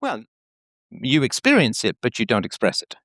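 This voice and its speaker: A man's voice: mid-range voice, normal speed, no room sound. A man hosting a call-in show, talking frankly and probing the caller. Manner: frank, probing, lively delivery.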